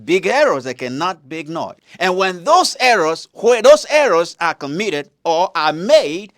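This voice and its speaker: A man with a Nigerian accent delivers a motivational sermon in a fairly high, very animated voice. He keeps firing questions at his listeners and answering them, and his delivery swings from loud emphasis to hushed asides. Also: unhurried. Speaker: preacher.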